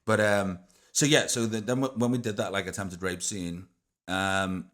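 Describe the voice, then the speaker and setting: A man's voice: deep voice, fairly even intonation, normal speed, fairly bright tone. A middle-aged man hosting a podcast, chatting casually with frequent swearing and stumbling restarts. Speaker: podcast host. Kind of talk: casual chat.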